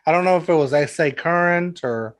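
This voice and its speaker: A San Antonio, Texas podcast host with a slightly high voice talks fairly quickly, telling loose stories in casual chat. He leans heavily on "like" and laughs often.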